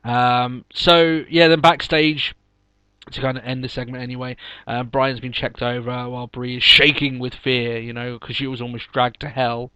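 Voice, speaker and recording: A man's voice: medium pitch, little pitch movement, normal speed, bright, forceful tone, clean tone, no room sound, low-quality recording. A man with a mid-range voice co-hosts a casual chat podcast. He rambles with fillers and laughs often. The sound is close and dry, with little room. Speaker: podcast co-host.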